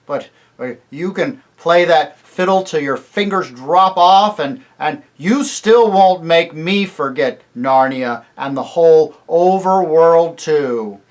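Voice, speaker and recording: Stubborn gloomy marsh-wiggle, loud, breathless, stammers , read by a man. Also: fairly high pitch, animated, takes it slowly, few pauses, pitched above the performer's own voice. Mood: defiant.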